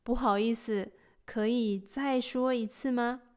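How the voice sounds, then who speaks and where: A woman teaching a language lesson, patient and encouraging, who says each word slowly and repeats it for learners. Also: a little high, steady tone, smooth. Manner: gentle, encouraging.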